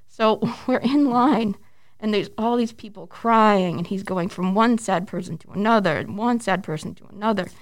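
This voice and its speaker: A lively woman in her forties spins animated anecdotes as an interview guest. She acts out each quote and laughs as she goes, at an ordinary middle pitch. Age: 40s. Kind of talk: casual storytelling interview.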